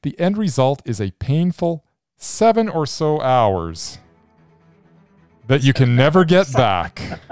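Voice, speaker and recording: Man with a smooth, lively voice. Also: fairly high pitch, no echo. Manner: sarcastic, wry. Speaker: podcast co-host. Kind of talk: comedic film review.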